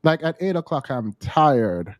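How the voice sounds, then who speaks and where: A man's voice: medium pitch, big pitch swings, measured pace. A man hosting a casual podcast chat, talking in a hesitant way with many ums and restarts. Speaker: host.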